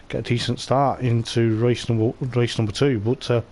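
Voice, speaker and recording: A man's voice: mid-range voice, level tone, moderate pace, hardly any pauses, a little mellow. A man giving chatty, meandering live commentary on an online racing league event. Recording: clear racing game engine noise behind the voice. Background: race car engine sounds from the game.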